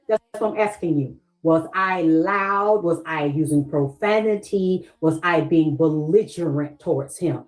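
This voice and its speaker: A woman's voice: low-pitched, a little slow, soft background music, low-quality recording. Insistent Southern woman on a livestream. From Southern United States. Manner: insistent, repeats questions, reads viewer comments aloud. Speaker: livestream host. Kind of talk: emotional livestream talk to viewers.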